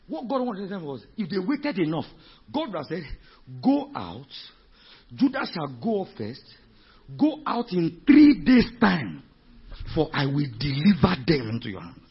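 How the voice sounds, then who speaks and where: A man preaching a sermon as pastor, emphatic and repetitive, dropping to low murmurs and rising to shouts, with rhetorical questions. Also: very animated, a little slow. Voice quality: very husky, raspy voice. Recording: dull lo-fi recording.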